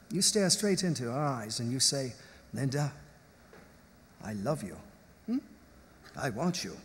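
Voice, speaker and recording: Posh bookish teen boy, earnest, slow-talking, high voice, stage musical, echoey hall with music. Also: darkish tone, slight background noise. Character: posh naive teenage boy, eager and bookish.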